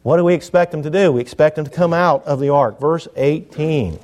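A middle-aged man preaching a sermon in a folksy, joking way, swinging between loud emphatic lines and quiet asides. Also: a little high, brisk.

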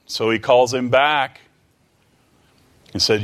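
A man preaching a sermon in a voice of middling pitch. He retells a scripture story, acting out pleading lines and putting rhetorical questions to his listeners. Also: unhurried, a bit bright.

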